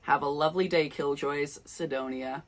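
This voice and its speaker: A woman's voice: low-pitched, steady tone, moderate pace. A young woman reading her old story aloud, breaking off with wry, laughing asides. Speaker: youtuber.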